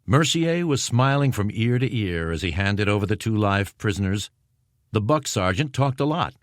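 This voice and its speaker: Low-voiced male audiobook narrator. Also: dry recording, studio quality. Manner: steady, measured reading. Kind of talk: scripted narration.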